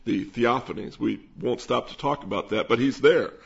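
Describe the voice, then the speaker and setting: A man preaching, teaching verse by verse through a Bible passage at an unhurried pace. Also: medium pitch, vocal fry. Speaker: pastor. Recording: dull lo-fi sound.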